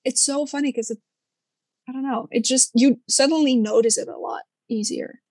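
A young woman who is not a native English speaker chats in an animated way. She leans on fillers and the odd swear. Her voice is a touch higher than usual and sounds dry and close. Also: normal speed, slightly rough, no echo. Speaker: conversation partner. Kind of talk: casual chat.

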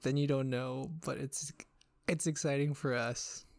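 Male guest, excitable and loose, swears casually, dry close recording. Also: medium pitch, a little slow, vocal fry, dry recording. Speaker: podcast guest. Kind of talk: casual gaming chat.

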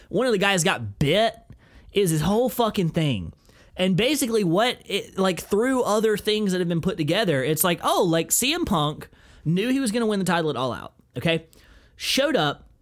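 A young man hosting a podcast, telling a story in a profane, rambling, excitable way. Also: sits high. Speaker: podcast host. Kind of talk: casual chat.

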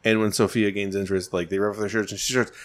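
A man's voice: fairly low pitch, level tone, quick pace. A man co-hosting a podcast in loose casual chat, swearing often and breaking into laughter. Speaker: podcast co-host.

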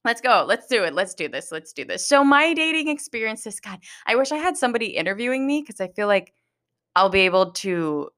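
Bright, nervous young woman podcast host. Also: medium pitch, sing-song, fairly quick. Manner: nervous, giggly, rambling with restarts. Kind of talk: casual solo podcast chat. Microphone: home recording.

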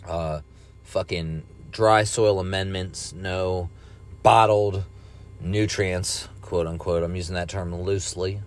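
Male stoner vlogger, lower voice, casual profane monologue, coughs, meandering. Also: fairly even intonation, slow, slight background noise. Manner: profane, meandering, laid-back with ranting bursts. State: high, coughing now and then. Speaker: cannabis vlogger.

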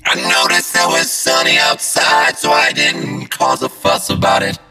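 A podcast host speaks a little slowly in a rather high, creaky voice, rambling and swearing through a jokey, half-sung comic monologue via a voice changer app. He's recorded on a phone over loud music.

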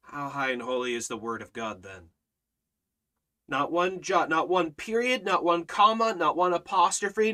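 A man teaches a Bible study in an emphatic preaching voice that sits a bit high for a man and rings bright and forceful. He hammers points home with repetition and rhetorical questions, and he slows down to read scripture aloud in old-fashioned wording. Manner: reads scripture aloud in King James wording. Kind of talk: livestreamed Bible study sermon.

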